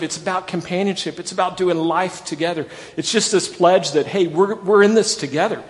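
A man preaching a sermon, animated and emphatic, repeating phrases for stress. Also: high-pitched, fairly quick, few pauses, big-room sound. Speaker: pastor.

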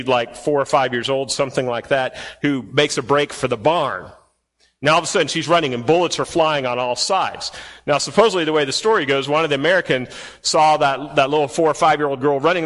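A man preaching a sermon as pastor, emphatic and full of rhetorical questions to the congregation, his voice swinging from loud and high to low and quiet. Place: church sanctuary. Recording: long reverb from a large hall.

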